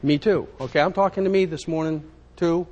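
Male preacher, high voice, emphatic, repetitive, sermon. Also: a little fast, darkish tone, dull audio. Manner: emphatic, repetitive, self-including.

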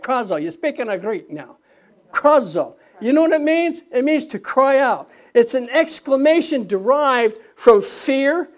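An older man preaching a sermon as pastor, fervent and rising to shouts, with restarts and self-mocking laughs. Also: very high voice.

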